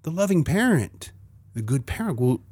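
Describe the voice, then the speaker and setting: A man's voice: fairly high pitch, sing-song, normal speed, a little mellow, slightly rough, no room sound. A middle-aged man in a casual faith conversation, speaking earnestly and reflectively, often telling stories.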